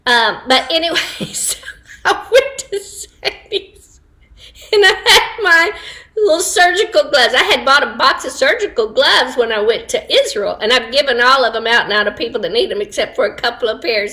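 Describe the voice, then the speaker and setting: This is a woman, talking casually into a phone at arm's length from her home. Her voice sits a little high and rings bright and clear. She laughs easily, drops quick asides and keeps a loose, chatty flow. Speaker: livestream host. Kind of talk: casual chat to online viewers. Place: home, indoors.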